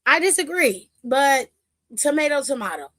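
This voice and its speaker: A woman hosting a wrestling recap, telling it in animated casual chat and acting out the quotes. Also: high voice, moderate pace, dry recording, studio quality.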